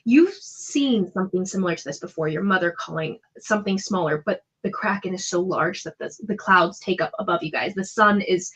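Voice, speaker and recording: A woman's voice: lowish voice, a little fast, hardly any pauses, fairly bright tone, slightly rough. A woman acting as game master, narrating a tabletop game in a descriptive, chatty way with many fillers.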